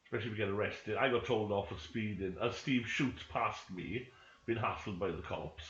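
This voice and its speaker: A man's voice: on the low side, brisk, a bit bright. A man chatting casually to friends while playing a roleplay game, rambling and mumbling to himself as things load. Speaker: gaming streamer. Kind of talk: casual chat while gaming. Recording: echoey room, dull lo-fi sound.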